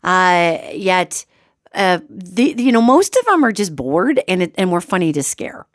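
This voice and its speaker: A woman host telling an animated story in a casual, expressive way, acting out quotes. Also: lowish voice, unhurried, dry recording, studio quality. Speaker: radio show host.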